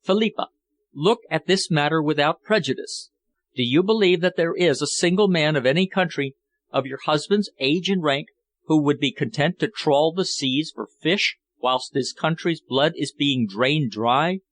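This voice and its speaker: A man's voice: fairly high pitch, moderate pace, a bit bright, lightly acted. Intense foreign lover, scornful and passionate, declaiming, as a male narrator reads him in a storybook. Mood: fervent. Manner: fervent, declamatory.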